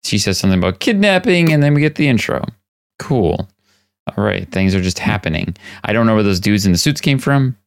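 Podcast host guy, low smooth voice, joking around while he recaps stuff. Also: very animated, no room sound, clean studio sound. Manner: playful, recaps scenes with quick impressions. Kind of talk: casual chat.

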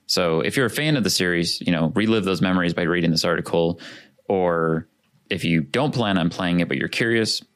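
A man's voice: low voice, a little fast, a bit bright. A man co-hosting a podcast in easygoing casual chat over a video call, rambling a bit with "like". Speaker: podcast co-host.

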